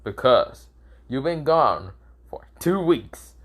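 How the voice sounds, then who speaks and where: A man's voice: medium pitch, big pitch swings, slow, pitched above the performer's own voice. Man playing a strict old clan head, scolding, barely changed voice. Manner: scolding, demanding. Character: stern older male clan head, grandfather.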